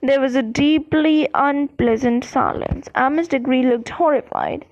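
A woman narrates an audiobook in a high, steady voice, taking her time over each sentence. The recording sounds dull and lo-fi. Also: noisy background. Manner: steady, measured storytelling.

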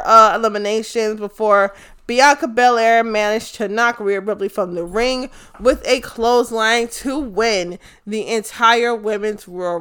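Bright-voiced woman gushing and swearing. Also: on the high side, clear, resonant tone. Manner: excited, profane, rambling with many fillers. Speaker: fan commentator. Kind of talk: casual recap of a wrestling event.

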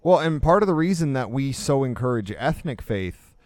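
A man with a smooth, resonant voice talks through his ideas in a casual discussion, explaining emphatically and at length. The sound is dry and close, with no room around it. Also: mid-range voice, animated, moderate pace, darkish tone, no echo. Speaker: podcast co-host.

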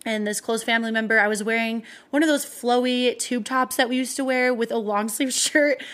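A woman's voice: on the high side, fairly even intonation, a little fast, a bit bright. Frank, laughing young woman. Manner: frank, swearing, laughs easily. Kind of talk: casual chat.

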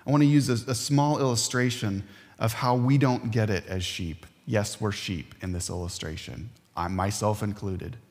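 A man preaching a sermon as a pastor, earnest and emphatic, with dramatic pauses. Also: on the low side, fairly even intonation, darkish tone. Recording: long hall reverb.

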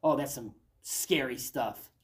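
A man's voice: mid-range voice, slow. Man teaching a casual Bible study. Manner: conversational, reads passages aloud and comments.

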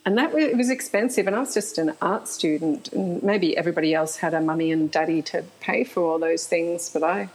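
A middle-aged woman, an author appearing as a guest, tells frank stories in an interview and laughs often. Her voice is fairly low and brisk with few pauses, and the audio is poor.

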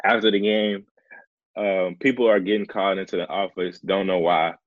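Deep-voiced man telling a story casually. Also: normal speed, no echo, muffled recording. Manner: relaxed, earnest, heavy use of "like" and "man". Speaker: professional baseball player as guest.

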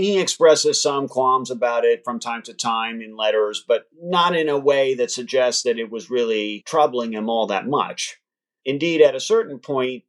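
A man, an author who studied law, giving thoughtful, measured answers as an interview guest. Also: medium pitch. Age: adult, past law school.

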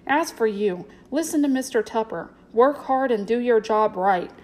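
A stern, fatherly circus boss speaks in a firm way, as a woman reads him aloud. The voice sits fairly high in a storybook reading. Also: animated, normal speed, a little mellow, lightly acted.

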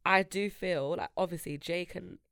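A woman's voice: lowish voice, normal speed, fairly bright tone, smooth, dry recording. A young woman, chatting on a podcast in a slangy, emphatic way. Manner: slangy, emphatic, laughs between points. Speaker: podcast co-host. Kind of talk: casual chat.

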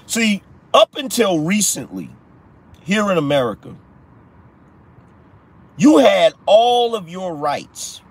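Husky-voiced man hosting, slow and lively. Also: sits high. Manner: slangy, repetitive, teasing the audience. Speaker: podcast host. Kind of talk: live-show commentary monologue.

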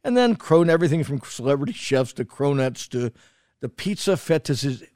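A man's voice: a little high, big pitch swings, normal speed, a little mellow, no echo, studio quality. A man co-hosting a food podcast in casual chat, rambling with restarts and fillers and swearing for emphasis. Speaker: podcast co-host, food critic.

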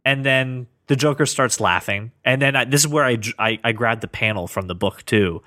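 A man's voice: mid-range voice, moderate pace, bright, forceful tone, dry recording. Man on a podcast mic, middle voice, earnest, keeps restarting, super dry sound. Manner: earnest, thinks aloud with many restarts. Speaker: podcast co-host. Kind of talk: casual chat about comics.

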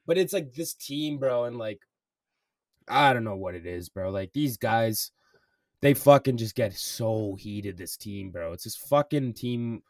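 A man's voice: medium pitch, animated, unhurried, no room sound, studio quality, recorded from a distance. A young man co-hosting a podcast, telling a story in casual chat, swearing often and filling with "like" and "bro". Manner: swears a lot, says "bro" and "like" constantly. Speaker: podcast co-host.

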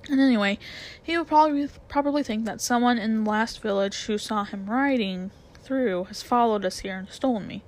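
A woman voicing a proud, bossy male talking war horse in a storybook read-aloud, brisk and commanding. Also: a little high, a little mellow, natural voice. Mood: scheming.

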